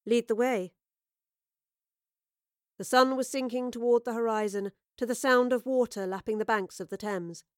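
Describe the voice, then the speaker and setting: Woman narrating a dark tale, dry sound. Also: fairly high pitch, no echo. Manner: measured, dramatic storytelling. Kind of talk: scripted audio drama narration.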